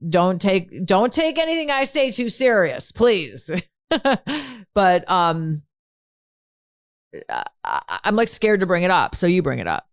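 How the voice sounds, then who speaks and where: A woman's voice: mid-range voice, sing-song, slow, long pauses, smooth, dry recording, studio quality. A woman hosting a podcast, chatting casually with a guest in a chatty, self-deprecating way and hedging her words. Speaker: podcast host. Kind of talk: casual interview chat.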